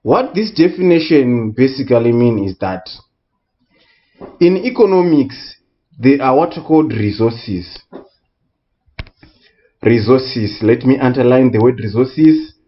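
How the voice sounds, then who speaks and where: A man tutoring economics in a recorded lesson, speaking deliberately and repeating key words for emphasis. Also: mid-range voice, animated, muffled recording. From Southern Africa.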